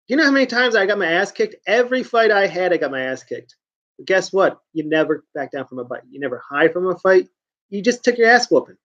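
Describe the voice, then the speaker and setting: A man's voice: sits high, a bit bright, lo-fi sound. A man hosting a show, giving a brash, blunt ranting commentary full of swearing. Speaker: show host.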